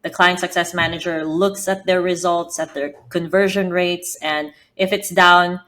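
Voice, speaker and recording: Filipino-accented woman, lowish voice. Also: steady tone, a little slow, fairly bright tone. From Philippines. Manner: earnest and explanatory, with frequent fillers. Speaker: podcast guest, business founder. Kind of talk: interview answers.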